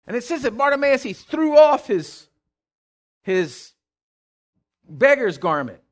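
A man preaching a sermon, emphatic, with call-and-response, swinging from loud to hushed. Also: very high-pitched, sing-song, slow, pauses often. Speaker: pastor.

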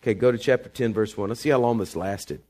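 A man preaching a sermon in a folksy, conversational way, with asides to the congregation, swinging between quiet asides and emphatic bursts. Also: on the low side, quick pace. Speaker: pastor.

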